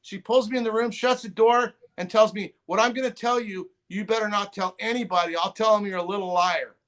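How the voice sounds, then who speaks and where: A middle-aged man whose voice sits high talks briskly as a podcast guest telling a long story. His casual storytelling rambles and restarts, and he quotes others in lively voices.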